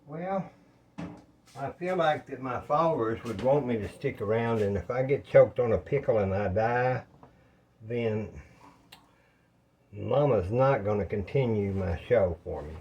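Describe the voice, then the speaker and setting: A man's voice: mid-range voice, unhurried, long pauses, a little mellow, slight background noise. A man, chatting in a folksy, rambling way to his viewers while he cooks in his home kitchen. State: out of breath. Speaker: home cooking vlogger. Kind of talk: casual cooking talk to viewers.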